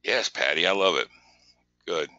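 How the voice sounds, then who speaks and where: Bright, pushy man hosting a webinar. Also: low-pitched, moderate pace, dry recording, muffled recording. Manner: energetic, repetitive, pushy coaching. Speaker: webinar host. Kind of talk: live business webinar talk.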